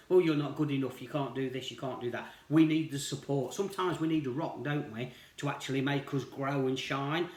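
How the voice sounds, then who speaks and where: A man giving a casual tarot reading to viewers, talking in a rambling, reassuring way and often saying "you know". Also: medium pitch. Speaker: tarot reader. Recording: roomy echo.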